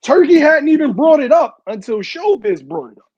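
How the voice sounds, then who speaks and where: Fairly high-voiced guy in a podcast argument, keeps jumping in, flat dry lo-fi sound. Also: normal speed, no room sound. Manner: insistent, keeps cutting in to make his point. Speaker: podcast host. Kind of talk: casual debate chat.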